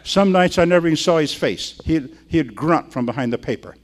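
A man's voice: a little high, expressive, brisk. Folksy older man preaching with stories. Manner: folksy, conversational, acts out the people in his stories. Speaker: pastor. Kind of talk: sermon with storytelling.

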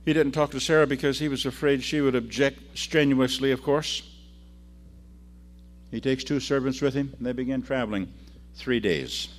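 A man preaching a sermon and reading scripture aloud, swinging between loud emphasis and quiet drops. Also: medium pitch, moderate pace.

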